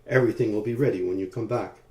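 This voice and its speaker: A man voicing a brisk, hospitable female hostess in an audiobook, giving directions. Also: on the low side, mellow, close to an everyday voice. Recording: roomy echo.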